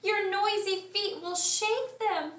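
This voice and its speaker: A woman's voice: very high voice, takes it slowly, a bit bright, voice pushed up, heavily acted. A woman voicing a fussy mother hen who scolds to protect her eggs. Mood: fretful. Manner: scolding, raised voice. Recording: echoey room, mic at distance.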